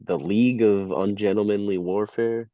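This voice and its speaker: A man co-hosting a casual podcast, talking in a relaxed, easygoing way and laughing often. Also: fairly low pitch, normal speed, dry recording, muffled recording. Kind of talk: casual chat.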